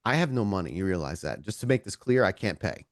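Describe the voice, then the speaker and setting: A man's voice: low-pitched, sing-song. A man voicing a young male kidnapping victim in a tabletop game, sarcastic and nervous, talking his way through his fear. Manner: snarky, nervous, quick to complain.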